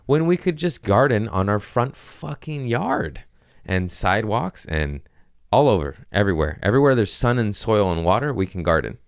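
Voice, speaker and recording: A man's voice: lowish voice, sing-song, moderate pace, creaky, smooth, no echo, studio quality. A man hosting a comedy podcast, rambling casually with profanity and jokes.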